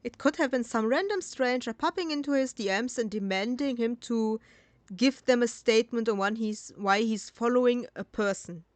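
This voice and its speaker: Late at night, a woman reacts bluntly and sarcastically in casual commentary, swearing freely. Her voice is on the high side, with a moderate pace and no echo.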